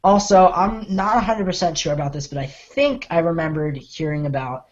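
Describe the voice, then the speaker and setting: A man's voice: on the high side, lively intonation, normal speed, highs cut off. A man co-hosting a casual tech podcast, talking in a rambling, hedging way full of fillers. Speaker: podcast co-host.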